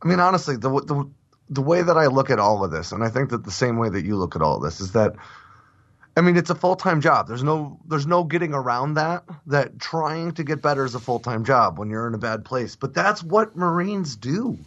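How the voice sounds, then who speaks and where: A man's voice: medium pitch, very animated, brisk, fairly bright tone, highs cut off. A man co-hosting a podcast, talking in a casual, wry, joking way.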